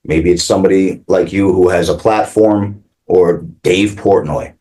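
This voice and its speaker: A man's voice: low voice, steady tone, measured pace, mellow. A man who owns a pizzeria, guest on a local business podcast, telling stories casually and chattily, acting out quotes. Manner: chatty, full of "like" and acted-out quotes. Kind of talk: casual storytelling.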